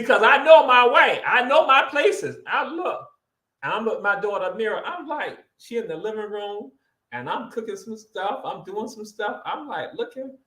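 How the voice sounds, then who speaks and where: A man's voice: very high voice, reverberant, poor audio. A man with a Southern US accent hosting a casual chat, telling stories with lots of repeated phrases. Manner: animated storytelling, repeats phrases. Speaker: show host.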